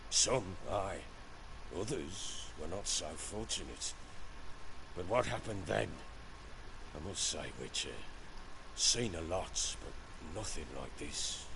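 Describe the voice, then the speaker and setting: A gruff, weathered man with a gravelly edge who tells his story bluntly. His voice rises and falls with lively swings in this video game dialogue. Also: deep voice, takes it slowly, long pauses, background noise, heavily acted. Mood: storytelling.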